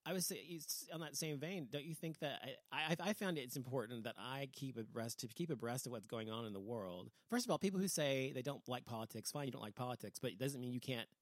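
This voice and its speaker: A middle-aged man from the United States hosts a casual podcast and vents his opinions bluntly, swearing freely. He talks at a brisk clip. His voice sits close and dry, with no room sound around it. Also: medium pitch, no room sound. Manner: blunt, profane ranting. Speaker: podcast host.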